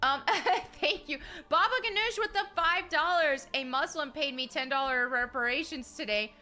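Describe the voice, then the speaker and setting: Female game streamer, high bright voice, giggly and chatty, reads chat aloud. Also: normal speed, soft background music. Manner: chatty and giggly, with frequent fillers and restarts. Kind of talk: casual live-stream chat, reading viewer messages.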